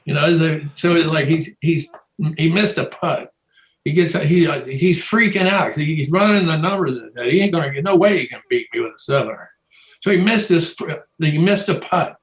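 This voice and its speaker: A man's voice: high voice, normal speed, reverberant, rough recording. A man telling a long rambling story in casual chat, laughing often and restarting his sentences. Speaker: guest telling stories.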